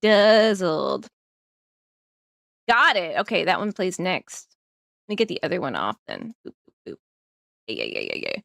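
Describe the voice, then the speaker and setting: A woman's voice: fairly low pitch, wildly swooping pitch, unhurried, creaky, long pauses, fairly bright tone, no echo, clean studio sound. A woman streamer chatting casually on a live stream, giggling often and rambling through plenty of fillers.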